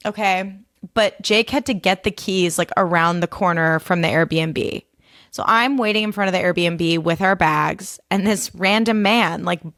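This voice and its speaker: A woman's voice: no echo, clean studio sound. A young American woman hosting a podcast, telling a story casually and acting out other people's lines with big jumps in her voice. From United States. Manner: animated, acts out voices with big pitch jumps, heavy use of "like". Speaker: podcast host.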